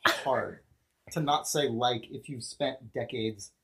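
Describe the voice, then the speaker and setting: A man's voice: mid-range voice, noisy background. A man from Southern California, co-hosting a podcast in casual chat, stumbling and restarting as he talks. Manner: halting, self-correcting, quick to agree. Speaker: podcast co-host.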